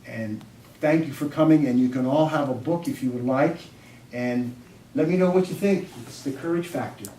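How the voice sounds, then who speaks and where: A man, a psychology professor, giving an animated storytelling lecture to an audience, swinging between loud bursts and quiet asides. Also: mid-range voice, moderate pace, slight background noise. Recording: roomy hall, distant microphone.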